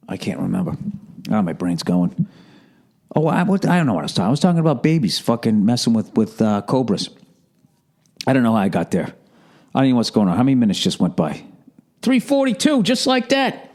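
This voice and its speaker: A man's voice: mid-range voice, darkish tone. A middle-aged man hosting a podcast, rambling through a profane comedic monologue and slipping into mock voices. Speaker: podcast host.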